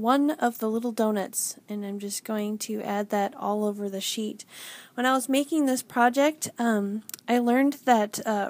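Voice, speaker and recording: A woman's voice: a little high, a little mellow, dry recording. A woman in her forties hosting a stamping craft tutorial, chatty and self-deprecating with many ums. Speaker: stamping demonstrator and channel host. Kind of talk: casual craft tutorial narration.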